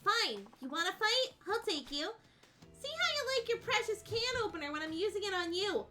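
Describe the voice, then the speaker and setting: A woman voicing a tough, foul-mouthed male brawler from a video game, talking in a gruff, cocky way as she reads the dialogue aloud. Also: very high-pitched, very animated, normal speed, pushed and bright, soft background music, full character voice.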